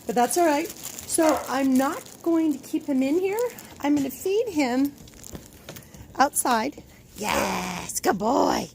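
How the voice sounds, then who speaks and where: A woman's voice: takes it slowly, pauses often, a little mellow, slight background noise. A woman dog trainer teaching recall with a dog at home, upbeat and coaxing. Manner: upbeat, coaxing, high sing-song calls to the dog. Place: outdoors and indoors at a home with a dog.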